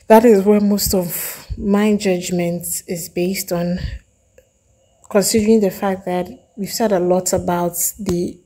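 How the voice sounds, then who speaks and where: Emphatic woman with a Ghanaian accent. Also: mid-range voice. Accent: Ghanaian English. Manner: emphatic, animated, acts out quoted lines. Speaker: reality TV reviewer. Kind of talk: opinionated review monologue.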